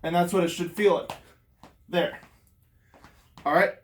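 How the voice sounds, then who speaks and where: This man speaks high, in a steady tone and at a measured pace, from a distance from the mic in an echoey room. He coaches the hammer throw, panting as he demonstrates each move and rambling through fillers.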